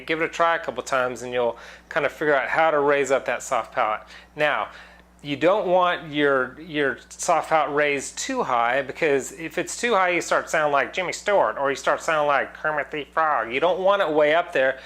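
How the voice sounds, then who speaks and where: A man's voice: a little high, moderate pace, a bit bright. A man teaching singing in a casual online lesson, explaining loosely with many fillers and breaking into sung demonstrations.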